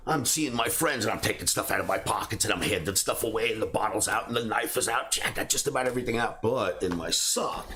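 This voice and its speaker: A man hosting a trading show, telling a personal story in a casual, animated way and laughing between beats. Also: medium pitch, slight background noise. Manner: animated, laughs through his own stories. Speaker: trading academy host.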